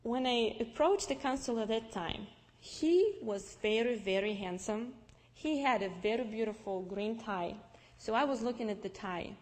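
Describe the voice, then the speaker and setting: A young woman with a Russian accent tells her faith story to listeners. Her voice sits a little high, and she animates the tale with restarts and acted-out lines. Each phrase trails off into the long, lingering reverb of a large hall. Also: expressive, moderate pace. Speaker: speaker giving testimony. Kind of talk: personal faith testimony told to an audience.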